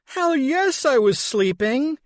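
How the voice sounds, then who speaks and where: A man voicing a short-tempered young mother who snaps and grumbles, her voice raised and pitched up. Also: sing-song, slow pace, no echo, studio quality, exaggerated voice. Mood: irritated. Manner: harsh, snappish, grumbling.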